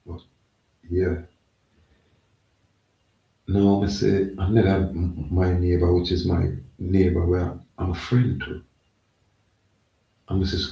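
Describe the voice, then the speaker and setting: A man's voice: sits low, little pitch movement, a little slow, gravelly, pauses often, warm tone. A man talking in a rambling, emphatic casual monologue, repeating himself. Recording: echoey, from far off the mic.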